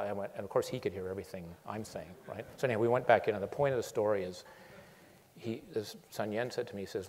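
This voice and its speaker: A man speaks in a fairly low voice, and the sound has the long echo of a lecture hall. He talks in an animated way, stopping and restarting often and repeating words as he tells his story. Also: fast. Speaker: guest speaker.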